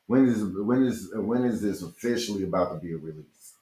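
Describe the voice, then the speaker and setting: A man's voice: on the low side, normal speed, mellow. A man hosting a radio interview, laid-back, asking short questions and giving easy agreeing replies. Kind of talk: casual interview chat. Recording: roomy echoing studio.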